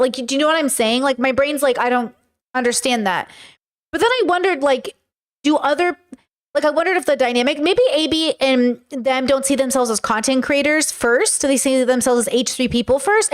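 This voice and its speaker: High-pitched young woman streamer, rambly and sweary, just chatting with chat. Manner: rambling, filler-heavy, swearing. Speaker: streamer reacting to clips. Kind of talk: casual reaction chat to a live chat.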